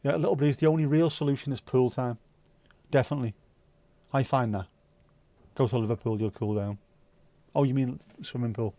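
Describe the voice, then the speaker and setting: A man's voice: mid-range voice, steady tone, brisk, long pauses, warm tone, no echo. Male stream host, rambling casual chatter with plenty of swearing, dry close sound. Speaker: livestream host. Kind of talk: casual chat reading viewer comments.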